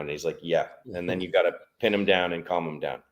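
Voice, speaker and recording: A man with a very low voice tells a story in conversation. He acts out the other people's lines with energy as he talks. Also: quick pace. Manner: animated storyteller acting out dialogue. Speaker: guest, barbershop business owner.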